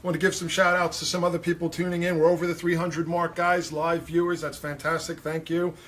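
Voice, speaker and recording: A man's voice: on the high side, flat delivery, brisk, a bit bright. A man with a New York accent hosting a live stream, reading out viewers' comments and asking questions. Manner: upbeat, reads out viewer comments. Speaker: livestream host.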